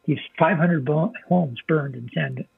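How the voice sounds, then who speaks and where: An older American veteran recounts events in a plainspoken, vivid way, swearing freely. His voice sits a little high for a man, with deep gravel and a raspy, husky edge. The sound is dry and narrow, like a phone line. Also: unhurried, no room sound. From United States. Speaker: guest, military veteran. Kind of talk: casual interview storytelling.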